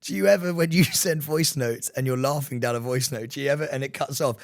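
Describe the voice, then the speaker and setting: A man's voice: mid-range voice, brisk, creaky. A man co-hosting a podcast, teasing his partner and laughing often in casual chat. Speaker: podcast co-host.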